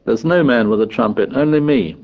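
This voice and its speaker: A man voicing an earnest young boy who calmly takes charge, speaking plainly and steadily. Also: mid-range voice, a little fast, narrow, tinny audio, lightly acted. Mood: steady. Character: earnest fair-haired boy, calm young leader.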